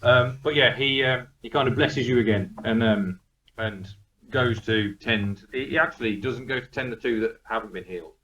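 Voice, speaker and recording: A man's voice: mid-range voice, normal speed, fairly bright tone, dull audio. A man narrating as dungeon master, rambling with many fillers and restarts. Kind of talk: narrating a tabletop game. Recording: echoey room, distant mic.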